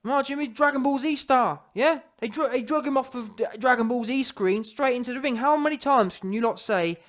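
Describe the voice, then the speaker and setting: A man's voice: very high-pitched, a little fast, a bit bright. A man with a British accent giving opinionated, rambling boxing commentary, emphatic and often correcting himself mid-sentence. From United Kingdom.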